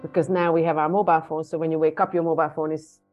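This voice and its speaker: A woman co-hosting a friendly podcast with a fairly low voice that comes through dull and lo-fi. She sounds warm and encouraging, chatting in an animated way. Faint music plays underneath. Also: very fast. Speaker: podcast co-host. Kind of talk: casual podcast chat.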